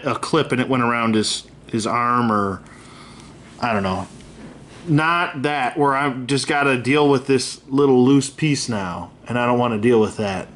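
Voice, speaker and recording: A man's voice: mid-range voice, fairly bright tone, a little hiss or hum. A man reviewing action figures in a casual, rambling way. He is candid and gripes openly, swearing freely, with plenty of fillers and self-corrections.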